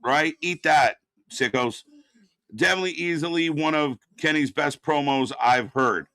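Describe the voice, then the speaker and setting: A man's voice: on the high side, moderate pace, bright, forceful tone, no room sound. A man doing unscripted live watch-party commentary, ranting and swearing in exasperation.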